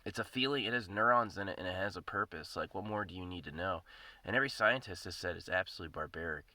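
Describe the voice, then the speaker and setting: A man hosting his own podcast, delivering a profane, rambling rant that circles back on itself. His voice sits fairly low but has a bright, forceful edge, and the recording is dry and close with no room sound. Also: quick pace, dry recording. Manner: profane, rambling, repeats himself. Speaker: podcast host. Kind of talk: casual ranting monologue.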